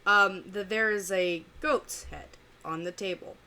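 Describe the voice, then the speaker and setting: A woman giving casual, rambling reaction commentary full of fillers and pauses. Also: mid-range voice, sharp tone. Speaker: reaction video host.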